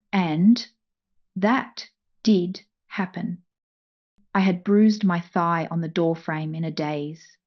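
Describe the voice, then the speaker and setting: A woman narrating a first-person story in a soft, measured, emotional way. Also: lowish voice, fairly even intonation, lo-fi sound.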